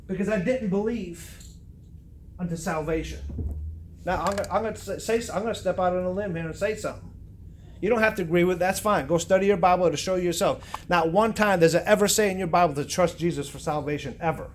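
A man's voice: high voice, fairly quick. A man preaching a fervent, emphatic sermon, repeating words for stress. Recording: echoey room, faint noise.

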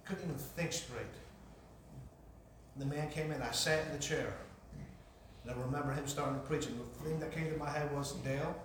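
High-voiced man preaching in an echoey hall. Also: steady tone, fairly quick, long pauses. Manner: emphatic, repetitive preaching cadence. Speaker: preacher giving his testimony. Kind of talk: sermon testimony. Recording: echoey hall from far off, faint hiss.

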